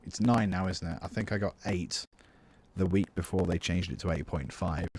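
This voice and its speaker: This is a British man, a music teacher, hosting a composition tutorial live and responding to chat as he goes, in a chatty, think-out-loud way. His voice sits low with a darkish, slightly rough tone, at a moderate pace.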